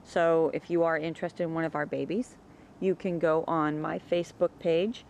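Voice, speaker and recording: A woman talking casually about her dogs in her yard, chatting away and calling to them in a high sing-song. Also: fairly even intonation, normal speed, gravelly, darkish tone, slight background noise. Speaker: dog breeder. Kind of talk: casual home video narration.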